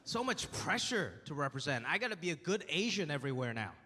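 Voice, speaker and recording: A man doing a stand-up comedy set, telling stories in an animated way and acting out voices. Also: a little high, a little fast. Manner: animated storytelling with acted voices. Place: theater stage with live audience. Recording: roomy hall with crowd laughter. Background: audience laughing.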